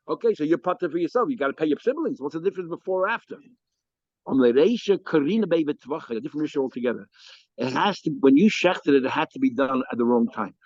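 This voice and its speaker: Fast-talking rabbi teaching a Talmud class. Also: male voice, a little high, dry recording. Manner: lively, animated, explains and asks questions. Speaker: rabbi teaching daf yomi. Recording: muffled lo-fi sound.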